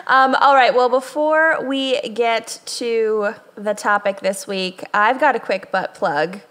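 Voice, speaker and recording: A woman co-hosting a podcast, chatty and quick to laugh. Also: a little high, a bit bright. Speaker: podcast co-host. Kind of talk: casual chat.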